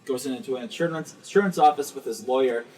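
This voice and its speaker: A man's voice: medium pitch, fast, a little mellow. Young man rambling through a joke. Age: young adult. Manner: rambling storyteller with fillers, quizzing friends. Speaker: podcast host. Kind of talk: casual chat, joke telling. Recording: distant mic with faint hiss.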